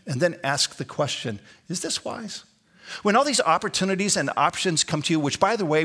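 A man's voice: on the high side, fairly bright tone. A pastor in his sixties preaching a sermon, emphatic, repeating key phrases with a rising inflection. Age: 60s.

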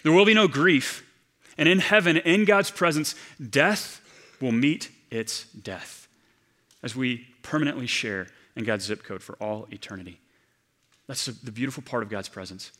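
A man preaching a sermon as a pastor, earnest, slowing down to stress key phrases. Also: medium pitch, bright, forceful tone.

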